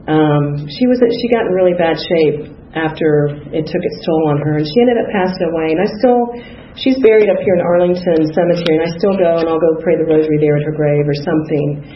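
A woman's voice: low-pitched, fairly quick. Candid woman sharing her recovery story. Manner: candid, conversational, frequent "you know". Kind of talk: personal testimony. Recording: dull, echoey, faintly noisy room.

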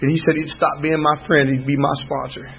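A man with a drawl shares his story at a recovery meeting in a candid, rambling, emphatic way. His voice sits a little high for a man. The recording is dull and lo-fi, with the sound of a meeting room around him. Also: flat delivery, brisk, creaky, slightly rough. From Georgia, US. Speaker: speaker sharing at a recovery meeting. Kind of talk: personal testimony.

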